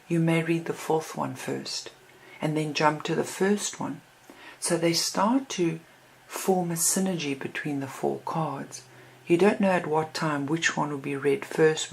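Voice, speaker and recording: A woman with a deep voice explains how to read a card deck. Her voice has a gravelly edge, and she talks in a calm, reflective way, pausing to read sample card readings aloud. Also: a little hiss or hum. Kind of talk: instructional talk.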